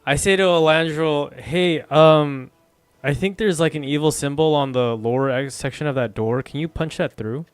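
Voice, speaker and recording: A man's voice: a little high, a little fast, hardly any pauses, clear, resonant tone. A man playing a tabletop game, hesitant and giggly with lots of fillers. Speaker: tabletop player. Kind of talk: casual game chat.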